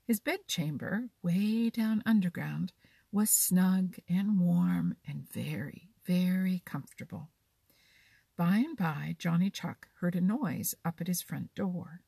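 A woman with a husky, creaky voice reading a children's storybook gently and slowly. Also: fairly low pitch, no room sound.

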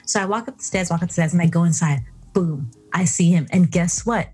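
A woman's voice: fairly low pitch, brisk, a little mellow, husky. A young woman from South Africa hosting a podcast, animatedly telling a personal story and acting out her own thoughts. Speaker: podcast host. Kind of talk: casual storytelling.

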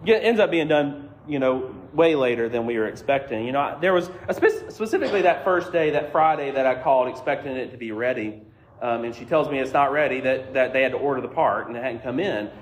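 A male pastor, speaking at an ordinary middle pitch. He tells his sermon as a relaxed, self-deprecating personal story. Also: brisk. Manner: conversational, self-deprecating, acts out quoted voices.

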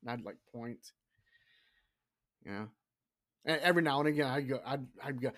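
A middle-aged man hosting a casual solo horror podcast, rambling and profane, dropping into hushed whispers for asides. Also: medium pitch, moderate pace, pauses often. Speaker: podcast host.

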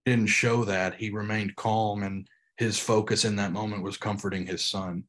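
A young man, a pastor and podcast guest, talking earnestly in casual interview chat, halting with frequent restarts. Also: on the low side, little pitch movement, a bit bright.

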